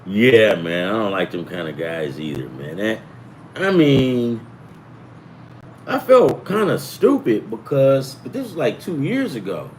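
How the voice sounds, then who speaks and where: A man's voice: on the low side, wildly swooping pitch, measured pace, a little hiss or hum. A middle-aged man from the US East Coast telling rambling, profane stories in a casual sports betting show, acting out the voices of people he quotes. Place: home in California.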